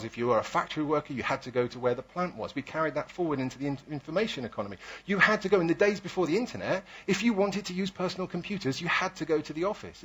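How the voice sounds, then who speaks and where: A man speaking to an audience in a persuasive public talk. His voice is slightly husky, and his pitch rises and falls with energy. He makes his points through rhetorical questions.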